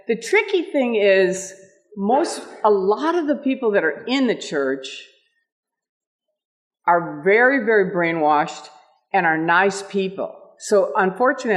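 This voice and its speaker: Woman in her 60s, speaker at a meetup, animated storyteller who laughs often. Pitch swoops widely. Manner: lively, laughing, acts out quotes.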